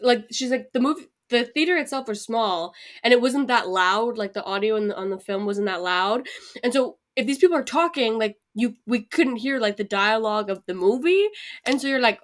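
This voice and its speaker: A young woman co-hosting a podcast, telling a story in an animated, casual way with plenty of swearing. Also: on the high side, fairly quick. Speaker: podcast co-host. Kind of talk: casual chat.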